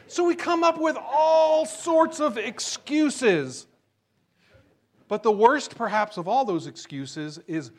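A man's voice: very high voice, expressive, slow pace. A man preaching a sermon in a conversational style, often checking in with "right?". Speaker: pastor.

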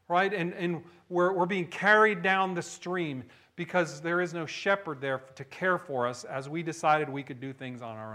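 A man preaching a sermon, animated, swinging from hushed low lines to loud high bursts and often asking the listeners "right?". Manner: asks the audience questions, frequent "right?". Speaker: pastor.

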